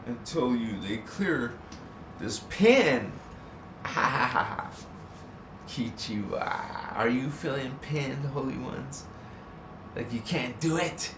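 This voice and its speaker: Host, male, playful and chatty, laughs a lot; sits back from the mic, faint hiss behind. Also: medium pitch. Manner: playful, laughs often, greets chat viewers. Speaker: live stream host. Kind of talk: casual live stream chat. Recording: echoey, distant mic, faint background noise.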